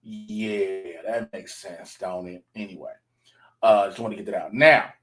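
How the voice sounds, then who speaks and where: A man's voice: on the low side, steady tone, a little slow, a bit bright, faint music behind, rough recording. A man co-hosting a casual podcast, talking loosely with profane offhand asides. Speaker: podcast co-host. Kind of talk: casual chat.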